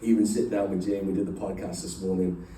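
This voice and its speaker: A man's voice: sits low, flat delivery, fairly quick, warm tone, slight background noise. A middle-aged man telling an emotional personal story to a group, rambling with many fillers and restarts. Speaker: speaker addressing a company group. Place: large room with a live group. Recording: echoey room, voice picked up from a distance.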